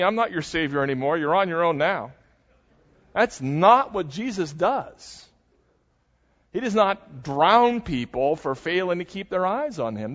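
An older male pastor preaches, retelling a story with animated, dramatic energy. His voice sits a little high for a man. The sound is muffled and rings with a long church reverb. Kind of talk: sermon. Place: church sanctuary.

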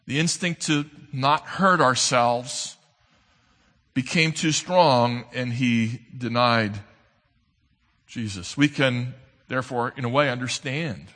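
A man preaching a sermon as an earnest storyteller, swinging between loud emphasis and soft, low asides. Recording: long hall reverb.

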